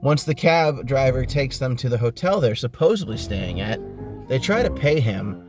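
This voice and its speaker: A man's voice: medium pitch, lively intonation, moderate pace. A man hosting a podcast in a middle-range voice, rambling through a book recap with sarcastic jokes and plenty of swearing. Music plays behind him. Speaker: podcast host. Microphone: online voice call.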